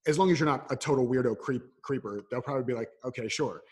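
A man's voice: medium pitch, racing, husky. A man answering interview questions as a coach, telling stories and acting out little exchanges. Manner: animated storyteller, acts out voices. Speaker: coach, podcast guest. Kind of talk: casual interview conversation.

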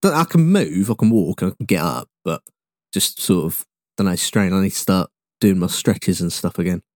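Young English male podcast co-host, rambling and jokey, lowish voice, dry sound. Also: expressive, moderate pace, a little mellow, dry recording. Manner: rambling, swearing, jokey with sudden pitch jumps. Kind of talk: casual chat.

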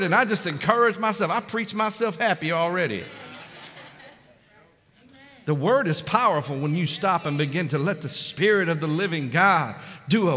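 A pastor in full sermon, his high, bright voice ringing through a reverberant church hall. He preaches with fervor, rising loud and dropping soft, and keeps calling out to the congregation.

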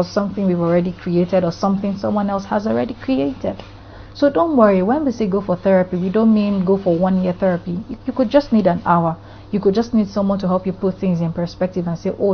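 A woman's voice: mid-range voice, dull audio, slight background noise. A woman therapist from Africa speaking earnestly in a podcast monologue, piling up rhetorical questions.

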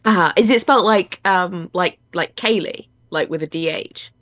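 A woman with a Scottish accent chatting casually, telling stories in a lively way with laughter. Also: lowish voice, moderate pace, no echo. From Scotland. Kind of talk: casual chat.

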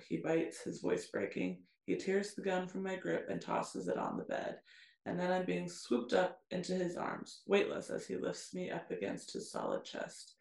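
Woman reading a dark novel aloud, gravelly. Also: lowish voice, very animated, normal speed, roomy sound. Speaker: podcast co-host.

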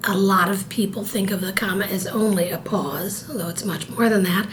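A woman's voice: mid-range voice, moderate pace, slight background noise, rough recording. An older woman with a cold, talking as an interview guest in a precise, thoughtful way with wry jokes. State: stuffy from a cold. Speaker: guest, copy editor. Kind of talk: conversational interview.

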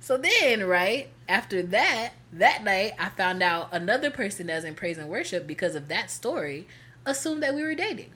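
A woman's voice: mid-range voice, normal speed. A woman co-hosting a casual chat show, telling a story with lots of slang and acted-out quotes. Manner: animated, slangy, acts out quotes. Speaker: podcast co-host.

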